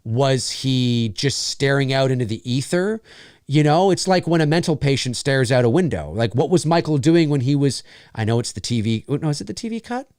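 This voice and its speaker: A man's voice: medium pitch, expressive, normal speed, a little mellow, clean tone, no echo, clean studio sound. A man from Canada hosting a casual live-stream Q&A, rambling, repeating phrases and reading out viewers' comments.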